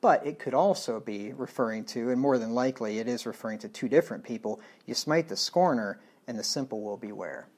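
A man's voice: mid-range voice, brisk, hardly any pauses, a little mellow. A man preaching through a Bible book verse by verse, blunt and plain-spoken, reading the old wording and explaining it in everyday talk. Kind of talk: verse-by-verse sermon.

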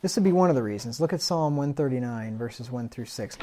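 A man's voice: mid-range voice, lively intonation, fairly quick, mellow, a little hiss or hum. A middle-aged man preaching in a conversational way, reading scripture aloud and chuckling at his own stories. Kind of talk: Bible study sermon.

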